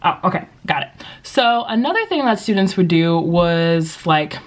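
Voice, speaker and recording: A woman's voice: lowish voice, animated, moderate pace. A young woman who teaches English, giving casual advice in a vlog, chatty and upbeat with lots of likes and you-knows. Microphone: compact vlogging camera.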